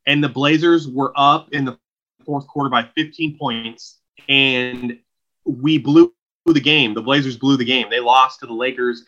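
Bright-voiced joking podcast man. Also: mid-range voice, dull audio. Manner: joking, storytelling, teasing. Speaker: podcast co-host. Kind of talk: casual comedic chat.

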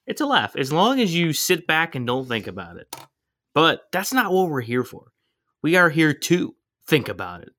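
A man chimes in during a casual podcast movie recap, teasing and playful. His pitch bounces around a lot, and the sound is dry and close. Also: very animated, normal speed, bright, forceful tone, dry recording. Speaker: podcast co-host.

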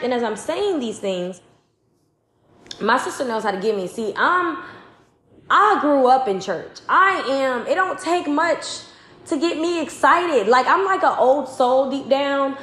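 A woman preacher giving a testimony sermon, emphatic and repetitive, with rising excitement. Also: on the high side, measured pace, slight background noise. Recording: roomy echo.

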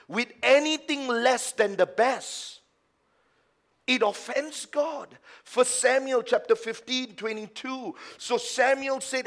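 A man preaching a sermon as pastor at a church service, swinging from hushed low asides to loud, emphatic passages and mocking the excuses of doubters. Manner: acts out the lines of doubters in a mocking tone.

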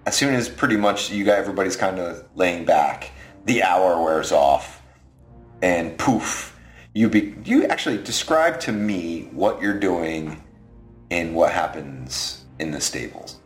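Low-voiced male game master, rambling casual narration, faint music under. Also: expressive, a little slow. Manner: loose, rambling, restarting narration.

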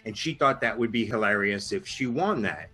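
A man's voice: lowish voice, animated, normal speed, sharp tone, husky, faint music behind. A middle-aged man casually telling a funny story on a podcast, laughing as he goes. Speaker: podcast co-host.

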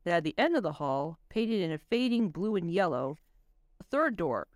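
A woman reading her own spooky story aloud on a voice call, in a measured storytelling manner. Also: lowish voice, sing-song, no room sound, clean studio sound. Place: home voice chat. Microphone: computer mic on a voice call.

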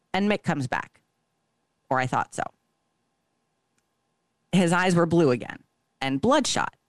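A woman's voice: sits low, dry recording. A woman co-hosting a podcast, telling a long story in a casual, profane way and acting out each line of dialogue. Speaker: podcast co-host.

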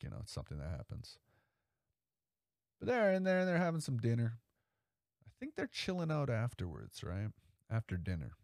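A man's voice: low voice, mellow, dry recording, clean studio sound. A man hosting a podcast in a casual, rambling way, swearing freely and leaning on "like" and "you know". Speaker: podcast host. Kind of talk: casual chat.

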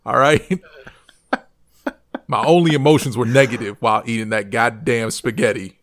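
A man co-hosting a casual podcast, ranting in an animated, comic way. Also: mid-range voice, moderate pace. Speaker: podcast co-host.

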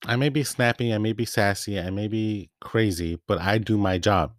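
Heated man venting, low and profane. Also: normal speed, no echo, studio quality. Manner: profane, heated, retells quoted exchanges. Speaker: part-time bakery packager. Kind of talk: casual venting rant.

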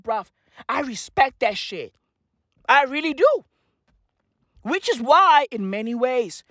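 Brief: woman, high and lively pitch, slow rambling comedic rant, dry close sound. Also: dry recording. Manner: rambling, tags lines with "right?" and "bruv". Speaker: comic ranter. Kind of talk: profane comedic monologue.

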